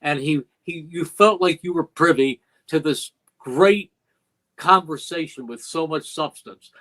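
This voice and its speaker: A man's voice: on the high side, unhurried, fairly bright tone, poor audio. An older man, a longtime play-by-play broadcaster, telling stories as a guest in a podcast interview. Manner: reflective, emotional retelling with quoted dialogue. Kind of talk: interview storytelling. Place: podcast studio.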